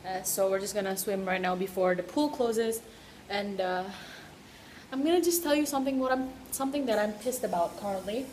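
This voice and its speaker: A woman's voice: medium pitch, brisk, a little mellow, slight background noise. A young woman vlogging casually into a handheld camera, chatty and giggly, rambling a little as she talks. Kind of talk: casual vlog chat. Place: hotel room and outdoor sights.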